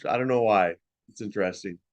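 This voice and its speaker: A man's voice: fairly low pitch, quick pace, no echo. A man chatting casually about music and art, rambling and full of "like" and "you know". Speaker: podcast guest, musician. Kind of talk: casual conversation.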